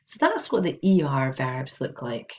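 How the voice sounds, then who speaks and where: Slow, low-voiced woman teaching Spanish. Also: big pitch swings. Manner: slow, careful drilling of conjugations. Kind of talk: instructional video lesson. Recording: dull, lo-fi sound.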